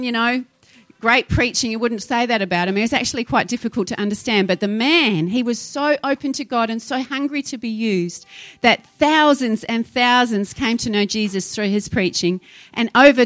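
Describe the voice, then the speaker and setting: A woman's voice: on the high side, no echo. A woman preaching a sermon, fervent and exhorting, rising into urgent appeals to her congregation.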